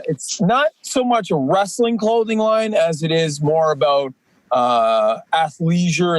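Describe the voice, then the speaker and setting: A man in his forties, a professional wrestler and podcast guest, talking at length in a rambling, energetic way with many fillers. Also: a little high, no echo. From Canadian East Coast. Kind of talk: casual podcast chat.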